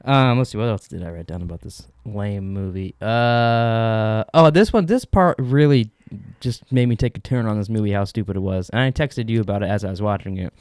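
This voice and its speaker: A man's voice: on the low side, brisk, a little mellow, smooth, dry recording, studio quality. A man co-hosting a podcast, rambling through a movie chat with laughs and swearing. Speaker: podcast co-host. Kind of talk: casual chat.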